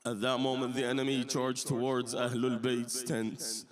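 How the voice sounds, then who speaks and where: A man's voice: medium pitch, monotone, moderate pace, a crowd in the background. A man delivering a sermon, solemnly narrating and voicing the people in a mourning story. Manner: solemn storytelling with quoted exchanges. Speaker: speaker at a mourning gathering. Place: mosque hall with a congregation.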